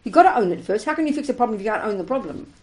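A woman giving a spiritual teaching with a slightly high voice. She speaks emphatically and with animation, acting out small scenes to make her points. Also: animated, racing, darkish tone, poor audio. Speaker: Buddhist teacher. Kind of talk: dharma talk to a group.

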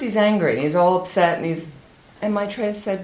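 A woman giving a Buddhist talk, telling a teaching story with lively, high-pitched acted quotes. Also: a little fast. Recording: echoey room with faint ambience.

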